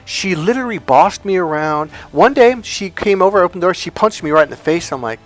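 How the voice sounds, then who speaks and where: A man's voice: high voice, big pitch swings, a little fast, soft background music. Brash, profane male dating coach. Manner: profane, emphatic storytelling. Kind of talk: motivational monologue.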